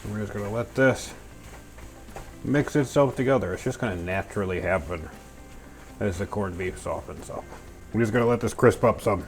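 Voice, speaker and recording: With a lowish voice, a man moves at a moderate pace and leaves long pauses as he cooks in his home kitchen. He chats his way through each step in a goofy manner, full of playful sound words. Music runs clearly underneath, and pans clatter in the background.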